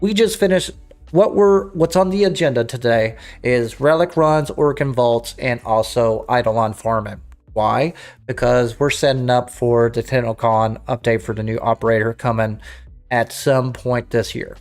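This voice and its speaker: Faint music sits behind a man talking at normal speed in a medium pitch. While streaming a game, he chats casually with his audience, thinking aloud and often starting his sentences over.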